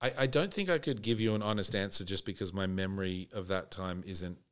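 Australian man, very deep voice, laid-back storytelling, casual swearing. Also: a little fast, a little hiss or hum. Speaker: podcast guest.

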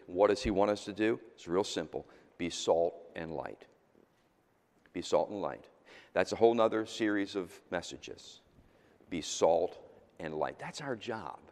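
A man preaching a sermon as the pastor, talking in a loose, conversational way and jumping from loud exclamations to quiet asides. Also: lowish voice. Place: church sanctuary. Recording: reverberant church hall.

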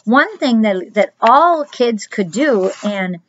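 A middle-aged woman, a children's pastor, giving a chatty crafts lesson and speaking straight to the children in a gentle way. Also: on the high side, lively intonation, takes it slowly, lo-fi sound, slight background noise.

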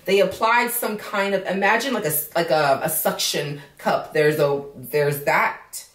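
A woman vlogger comments casually on a news story, outspoken, indignant and swearing freely. Her voice is lowish and a little slow, recorded from a distance with a roomy echo.

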